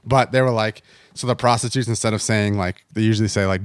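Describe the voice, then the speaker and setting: A deep-voiced man from the United States rambles through a casual chat, full of fillers and asides. The recording is dry and close, with no room sound. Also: steady tone, fast talker, no room sound. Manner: rambling, heavy on fillers like "you know what I mean".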